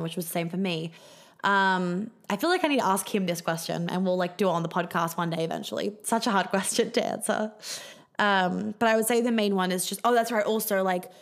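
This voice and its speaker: A young woman hosting a podcast, chatting casually through viewer questions, with lots of fillers and swearing. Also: fairly low pitch. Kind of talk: casual live Q&A chat.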